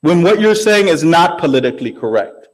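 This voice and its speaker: A man's voice: a little high, big pitch swings, fairly quick, poor audio. A man giving a sermon in a conversational way, often checking in with the audience. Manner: conversational, keeps asking the audience "right?". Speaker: religious speaker.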